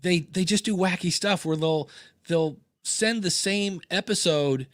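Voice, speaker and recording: A man's voice: high voice, unhurried, dry recording, clean studio sound. A man co-hosting a podcast in casual chat, rambling with joking asides and many restarts. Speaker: podcast co-host.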